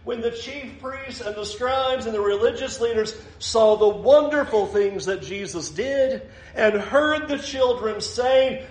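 High-voiced pastor preaching in an echoey room. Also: male voice, a little slow, few pauses. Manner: animated, acts out quotes with shifting pitch. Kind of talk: sermon.

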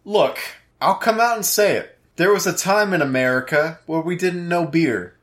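A man's voice: high-pitched, normal speed, fairly bright tone. A young man co-hosting a podcast, rambling and wry in casual chat. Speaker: podcast co-host.

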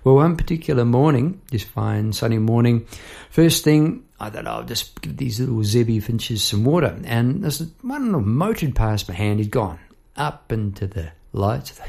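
A young man telling a story in a casual, animated way, acting out the people in it. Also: normal speed, vocal fry. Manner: animated, chirps bird noises and acts out people in high voices.

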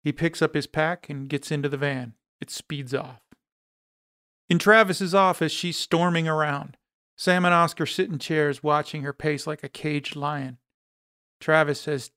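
A man narrating a screenplay in a steady, descriptive way. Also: on the high side, a little slow, smooth, dry recording, clean studio sound.

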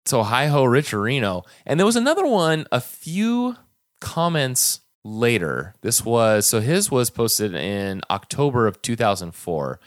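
A man's voice: mid-range voice, wildly swooping pitch, measured pace, dry recording, clean studio sound. A man co-hosting a podcast, chatting casually and hesitantly with lots of fillers. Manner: rambling, hesitant with many fillers. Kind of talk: casual chat.

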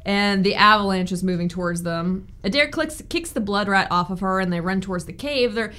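A woman's voice: mid-range voice, a little fast, fairly bright tone. Woman podcast co-host, frank and chatty, summing up a kids book, casual. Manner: chatty, blunt, frank opinions. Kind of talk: casual book-club chat.

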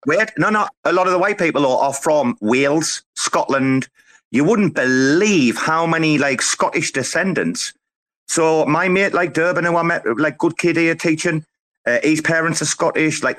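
A man's voice: on the high side, normal speed, a bit bright. A man with a North East English accent hosting a casual chat, bantering and swearing freely. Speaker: host.

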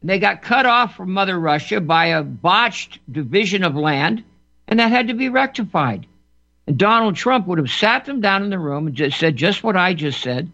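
A man's voice: sits high, lively intonation, normal speed, creaky, bright, forceful tone. A man giving an emphatic political monologue as a commentator, often repeating words and restarting phrases. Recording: dull lo-fi recording.

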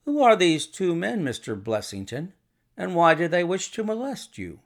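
A man's voice: high-pitched, wildly swooping pitch, normal speed, voice pushed up, heavily acted. A man doing a curt, stern detective.

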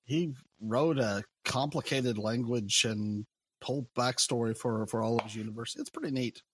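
A man chatting casually about games in a relaxed, rambling way that trails off. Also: medium pitch, normal speed, slightly rough, dry recording. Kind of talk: casual chat.

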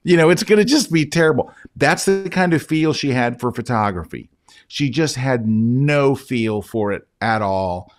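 Man telling an animated story. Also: mid-range voice, normal speed, soft background music. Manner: animated anecdote-telling, addressing the host by name. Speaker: guest photography educator. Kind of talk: casual interview storytelling.

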